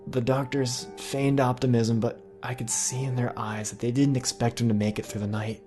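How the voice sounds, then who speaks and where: A man reading a horror story aloud in a measured, somber tone. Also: medium pitch, level tone, a little mellow, faint music behind. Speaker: narrator. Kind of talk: scripted horror story narration.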